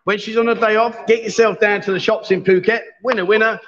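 A man in his fifties hosting a casual livestream from a bar, joking and bantering loudly with guests. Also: high-pitched, steady tone, brisk. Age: 50s. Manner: jokey, banter-heavy, loud. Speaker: livestream host. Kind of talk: casual live-stream chat. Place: bar in Pattaya. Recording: dull, lo-fi livestream sound.

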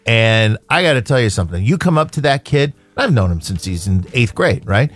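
A man's voice: medium pitch, sing-song, brisk, soft background music. A man co-hosting a morning radio show, teasing and chatty, telling stories into a studio microphone.

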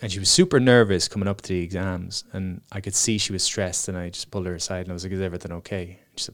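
A man's voice: low-pitched, steady tone, racing, few pauses, fairly bright tone. A young man, a motivational speaker, chatting casually and telling stories in which he acts out the people he quotes. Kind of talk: casual podcast chat.

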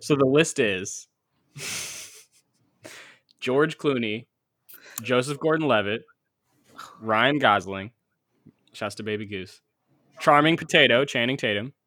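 A man's voice: medium pitch, takes it slowly, long pauses, bright, forceful tone, no room sound, studio quality. A man hosting a casual movie podcast, laid-back and jokey, swearing freely. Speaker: podcast host. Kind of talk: casual chat.

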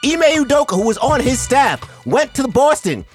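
A man's voice: extremely high pitch, big pitch swings, normal speed, slightly rough, soft background music. A man hosting a sports podcast, ranting emphatically and with profanity, often stopping to ask "right?". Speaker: podcast host. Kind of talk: heated sports podcast rant.

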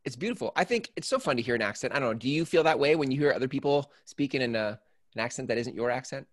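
Upbeat American male co-host, rapid talker, chatty, dry close-miked sound. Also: medium pitch, animated, no echo. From United States. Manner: upbeat, chatty, laughs often, restarts questions. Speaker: podcast co-host. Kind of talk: casual podcast interview.

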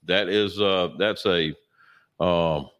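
A man with a very low, deep voice chats casually as a co-host. He rambles through his stories with plenty of fillers, restarts and throat clearing, sounding a bit sore and sluggish. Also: takes it slowly, a bit bright. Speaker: podcast co-host. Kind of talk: casual chat.

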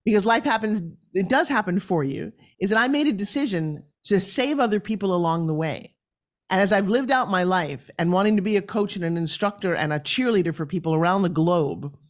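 A woman from New York with a New York accent, a podcast guest telling her life story in a blunt, emphatic way. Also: medium pitch. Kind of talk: candid interview storytelling.

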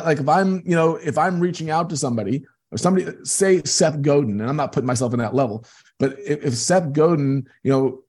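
A man's voice: a little high, a little mellow, breathy edge. A man being interviewed as a guest, telling earnest, emphatic stories about his business. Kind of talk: conversational interview.

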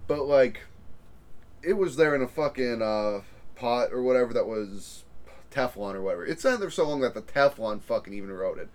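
Lively, profane young man telling a story. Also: mid-range voice, normal speed. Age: young adult. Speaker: podcast co-host. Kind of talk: casual chat.

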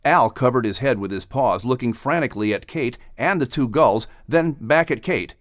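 A man narrating an audiobook with expressive storytelling. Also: mid-range voice, moderate pace, no room sound, clean studio sound.

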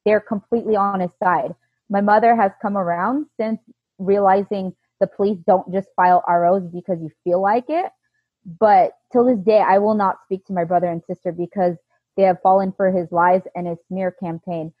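A woman's voice: mid-range voice, fairly even intonation, normal speed, breathy edge, no echo. A woman earnestly retelling a painful chapter of her life, quoting the people involved. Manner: earnest, emotional retelling with many quoted lines. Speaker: personal storyteller. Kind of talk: candid personal testimony. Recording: dull, lo-fi, dry recording.

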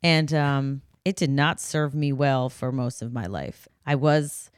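This middle-aged woman co-hosts a podcast with a bass voice at a measured pace, her tone clear and resonant. The studio-quality recording has no room sound. She chats casually and tells stories with animation, acting out the voices of the people she quotes.

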